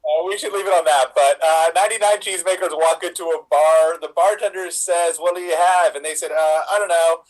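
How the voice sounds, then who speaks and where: A man, an improv player, telling jokes in a quick, punchy way. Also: fairly high pitch, fairly even intonation, low-quality recording.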